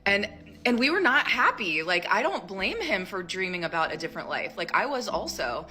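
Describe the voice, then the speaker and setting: A woman in her thirties telling a personal story in a casual, rambling way, full of "like", acting out quoted lines with sudden jumps up in pitch. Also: very animated, normal speed, pushed and bright, soft background music. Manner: chatty, rambling, heavy use of "like". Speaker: storyteller in a social media clip.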